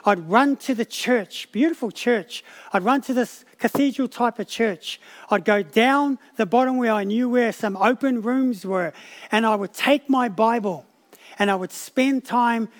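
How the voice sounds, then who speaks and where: A man's voice: extremely high pitch, a little slow. A man preaching a sermon, telling a personal story with frequent restarts and repeated words.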